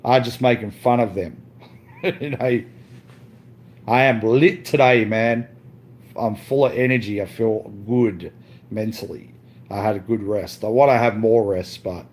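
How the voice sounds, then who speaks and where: A man's voice: lowish voice, a little mellow, slight background noise. A man ranting on his live stream, boastful and profane, repeating himself and saying "mate" a lot, with frequent stumbling restarts.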